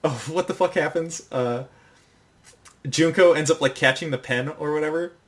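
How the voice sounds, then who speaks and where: A young man co-hosting a podcast, casually recapping an anime episode in a rambling way and acting out the characters' lines in quick put-on voices. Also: fairly high pitch. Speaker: podcast co-host.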